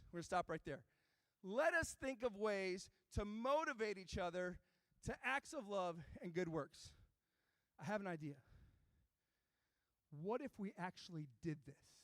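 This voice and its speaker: A middle-aged man with a high-set voice gives a youth ministry talk to young students. He tells an animated story and keeps turning to question the room. His voice sounds dry and close, with almost no room reflection. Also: no echo. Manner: animated storytelling, addressing the kids directly. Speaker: youth pastor. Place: church youth room before a live audience.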